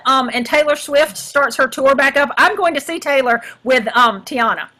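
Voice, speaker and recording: Bright, chatty woman. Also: high voice, normal speed, hardly any pauses. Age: middle-aged. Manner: chatty and self-mocking, warm thanks. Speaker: national field director addressing volunteers. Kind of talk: casual workshop talk.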